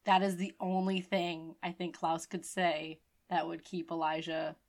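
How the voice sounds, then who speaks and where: Lowish-voiced woman podcast co-host, enthusiastic. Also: little pitch movement, a little slow. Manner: enthusiastic, swears, fills with "like". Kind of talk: casual chat recapping a TV episode.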